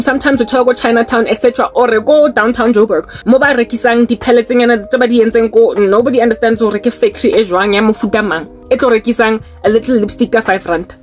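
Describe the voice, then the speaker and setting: Outspoken South African woman, higher voice. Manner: emphatic and outspoken, with heavy repetition. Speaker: vlogger. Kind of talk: personal commentary vlog.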